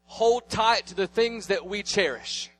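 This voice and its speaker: A man in his thirties preaching a sermon, telling family stories and swinging between loud declarations and hushed asides. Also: high voice, unhurried, soft background music. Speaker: pastor.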